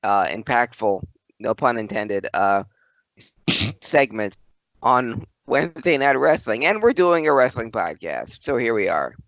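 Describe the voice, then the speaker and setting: A man of ordinary pitch who tells wrestling history on a podcast, wordy and dramatic in his phrasing. The audio is dry and a little dull, lacking crisp highs. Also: expressive, measured pace, a bit bright, no echo. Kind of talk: casual chat and storytelling.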